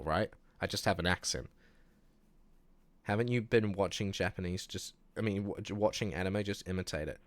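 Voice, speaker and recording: A young man with a New Zealand accent, chatting casually on a livestream and reading chat aloud, relaxed, laughing easily and restarting his sentences. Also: on the low side, dry recording. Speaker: streamer.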